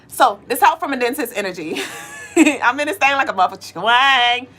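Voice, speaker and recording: Loud chatty woman doing a live tarot reading, high bright voice, swears a lot, all over the place with her pitch. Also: normal speed, soft background music. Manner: loud, excitable and profane, bursting into laughing shouts; chatty and slangy, cursing freely while she reads cards. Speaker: tarot and astrology reader hosting a live stream.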